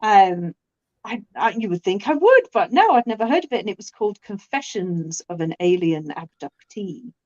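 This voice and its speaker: A chatty British woman talking casually and laughing often, restarting her sentences as she goes. Her mid-pitched voice comes through a slightly muffled, lo-fi line. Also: sing-song, moderate pace, a little mellow. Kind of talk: casual conversation.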